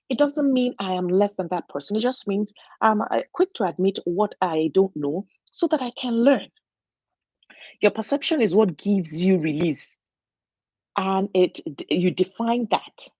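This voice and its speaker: Woman, motivational speaker, husky and breathy, earnest and encouraging, dry muffled lo-fi recording. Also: medium pitch, a little mellow, dry recording. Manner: earnest, encouraging, many restarts. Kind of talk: inspirational talk.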